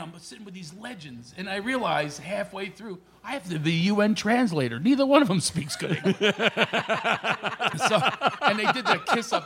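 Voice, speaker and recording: A man, a comedian guest on a radio talk show, telling animated comic stories and slipping into impressions. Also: high-pitched, slightly rough. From Philadelphia.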